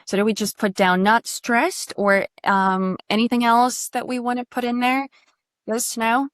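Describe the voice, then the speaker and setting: A woman's voice: fairly high pitch, flat delivery, unhurried, dry recording, studio quality. A woman coaching pronunciation in a casual online lesson, chatty and quizzing her student, swearing now and then.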